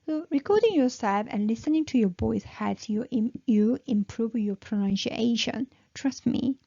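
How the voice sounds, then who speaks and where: A woman's voice: on the high side, expressive, normal speed, vocal fry, mellow, no echo. A woman teaching a language lesson, who repeats each syllable patiently and keeps checking in with "okay?". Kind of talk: slow spoken lesson with repeated drills. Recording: dull, muffled lo-fi sound.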